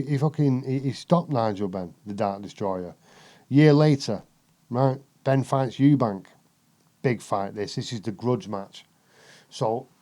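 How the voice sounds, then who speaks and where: A man swearing freely while telling animated stories as a boxing pundit in casual podcast chat. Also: mid-range voice. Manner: profane, animated storytelling.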